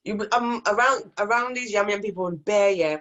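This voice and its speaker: A woman's voice: medium pitch, normal speed, a bit bright, highs cut off. A woman with a Birmingham accent co-hosting a casual chat, talkative and bluntly teasing. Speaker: co-host.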